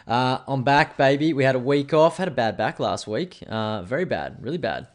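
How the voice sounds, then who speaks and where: A man's voice: mid-range voice, expressive, normal speed. A rambling man hosting his own podcast alone. He chats casually, drifts from thought to thought and swears freely. He jokes at his own expense. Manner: rambling, swears often, self-mocking. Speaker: podcast host. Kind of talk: casual solo podcast chat.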